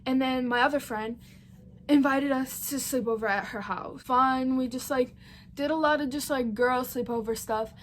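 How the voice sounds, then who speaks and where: A woman's voice: sits high, normal speed, a little hiss or hum. A woman vlogger telling a story in a casual, rambling way, full of fillers and blunt swearing.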